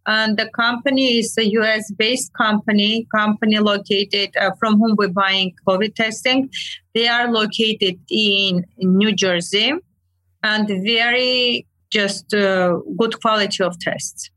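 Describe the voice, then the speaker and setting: A woman from Armenia with an Armenian accent, a clinic owner telling lively stories in casual, broken English during an interview. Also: medium pitch, measured pace, no room sound, poor audio. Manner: animated storyteller, broken English, laughs often. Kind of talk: conversational interview.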